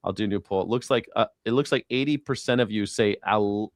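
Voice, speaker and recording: A man's voice: fairly low pitch, a little fast, no room sound, studio quality. A man hosting a casual live-stream chat, swearing freely and joking in mock accents. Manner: profane, jokey, mimics accents. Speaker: show host.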